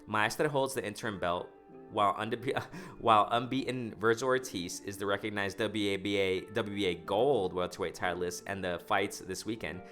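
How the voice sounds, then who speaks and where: Excited man in a slangy boxing commentary vlog. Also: fairly low pitch, normal speed, soft background music. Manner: excited, animated, talks to the viewers as "ladies and gentlemen"; slangy, full of fillers like "you know" and "man". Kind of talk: casual reaction commentary, reading a news article aloud.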